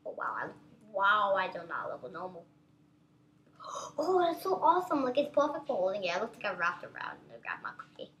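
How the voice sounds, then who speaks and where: A woman giving excitable, chatty gameplay commentary as a gaming channel host, constantly exclaiming at what happens on screen. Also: mid-range voice, fairly quick.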